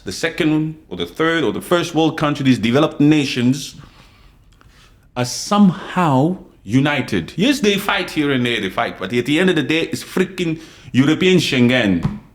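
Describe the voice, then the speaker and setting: A man from Congo hosting an unscripted opinion podcast, talking forcefully and confrontationally, swinging between loud outbursts and quiet asides. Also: a little high. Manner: reads and answers live comments. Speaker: podcast host.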